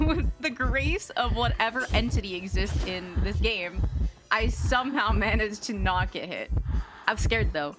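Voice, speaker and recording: A woman's voice: medium pitch, expressive, moderate pace, music in the background. A woman streaming a game live, chatting casually in a chatty, giggly and jumpy way. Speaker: VTuber streamer.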